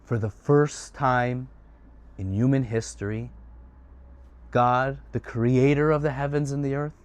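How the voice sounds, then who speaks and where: Lively male storyteller. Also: medium pitch, no echo. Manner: lively, with restarts and many voices. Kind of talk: animated storytelling.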